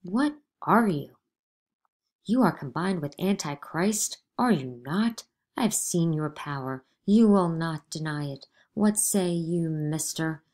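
A woman's voice: low-pitched, animated, slow, darkish tone, full character voice. A woman reading a play aloud, voicing an imperious older male judge who interrogates with commanding demands. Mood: stern.

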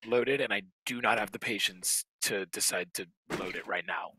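Male sidekick on a stream, bright, dry close sound, lively pitch, teasing one-liners. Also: normal speed, breathy edge, no room sound, poor audio. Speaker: friend joining the stream. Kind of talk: casual banter.

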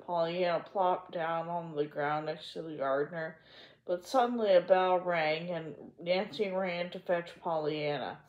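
A woman hosting a storybook reading, narrating in a gentle, measured way. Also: on the low side, dull audio. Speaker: storybook reader. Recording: echoey room.

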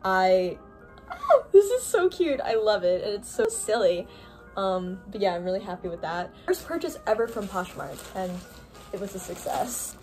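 Young woman, excitable unboxing vlog, gushing, gasping, faint music behind. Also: mid-range voice, moderate pace. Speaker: vlogger.

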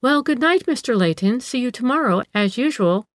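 A woman voicing a pert, sharp-tongued young woman in a storybook reading, with retorts that are acid and quick to answer back. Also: fairly high pitch, expressive, no echo.

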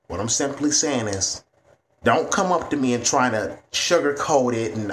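A man's voice: mid-range voice, very animated, measured pace, a bit bright, a little hiss or hum. A man ranting to camera in a vlog, blunt and heavy on profanity. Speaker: vlogger.

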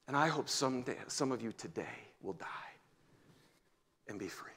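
A man in his fifties, a pastor, preaching a sermon and telling stories, swinging from loud exclamations to hushed near-whispers. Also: mid-range voice, expressive, normal speed, long pauses, slightly rough. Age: 50s. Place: church sanctuary.

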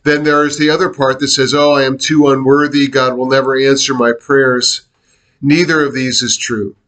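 A middle-aged man preaching a devotional sermon in an earnest, confessional way, with halting restarts, near tears. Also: medium pitch, little pitch movement, fairly bright tone. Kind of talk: devotional sermon with a personal story.

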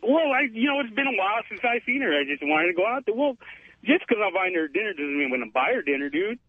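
A man's voice: high-pitched, very animated, fast talker, slightly rough, no room sound. Boastful male caller on a tinny phone. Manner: boastful, chatty, keeps saying dude. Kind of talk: phone-in storytelling. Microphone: telephone.

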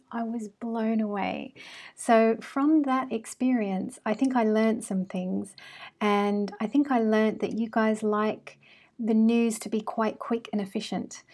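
A woman's voice: medium pitch, warm tone. A woman in her thirties from Australia, her accent mixed with British and American traces, hosting an astrology channel in a chatty, casual monologue with frequent fillers.

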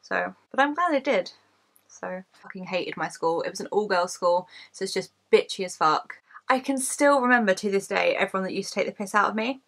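An English woman in her late twenties talks straight to camera, running through a list of facts about herself. She is chatty and candid, laughs at her own stories and swears freely, and her voice sits at an ordinary middle pitch for a woman. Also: animated, a little fast, a bit bright. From England, Kent. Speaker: YouTuber.

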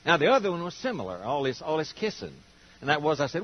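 An older preacher delivers a folksy sermon full of joking asides and acted-out dialogue. His voice sits fairly high for a man and swings widely in pitch. The recording sounds muffled and lo-fi. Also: very animated, fast. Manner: folksy, humorous storytelling with acted-out quotes. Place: church auditorium with congregation.

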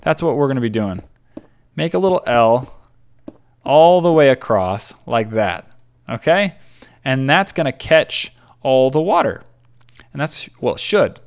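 A man's voice: medium pitch, big pitch swings, unhurried, smooth. A young man chatting casually while building in Minecraft, rambling and often stumbling over his words. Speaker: gaming YouTuber.

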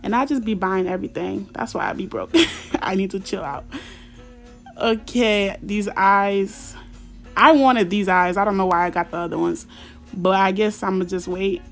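A young woman commenting on her mobile game in a chatty, slang-heavy way, breaking into excited squeals and shouts. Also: medium pitch, normal speed, creaky, soft background music. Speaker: gaming YouTuber. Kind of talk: casual gameplay commentary.

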